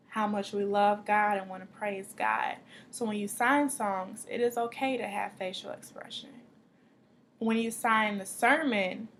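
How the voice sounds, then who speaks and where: A woman's voice: mid-range voice, a little hiss or hum. Woman teaching a sign language class. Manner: explains with lively acted-out examples.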